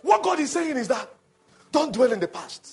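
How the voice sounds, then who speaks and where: A male preacher delivering a call-and-response sermon that builds to shouting. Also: very high-pitched, sing-song, moderate pace, slightly rough.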